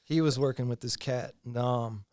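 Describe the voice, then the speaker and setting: A man's voice: medium pitch, steady tone, measured pace, a little mellow, no echo, clean studio sound. A man in his thirties, a former pro snowboarder, talking loosely and candidly on a podcast, full of swearing and fillers. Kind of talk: casual interview chat.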